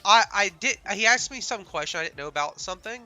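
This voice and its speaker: A young man co-hosting a casual chat, telling rambling stories with many restarts and animated asides. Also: high-pitched, fast, soft background music. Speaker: podcast co-host.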